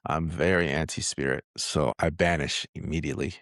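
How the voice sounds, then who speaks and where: A man's voice: rumbling low, steady tone, normal speed, fairly bright tone, dry recording, clean studio sound. A man co-hosting a podcast, speaking bluntly and firmly about his views. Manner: blunt and firm. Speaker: podcast co-host. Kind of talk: casual podcast chat.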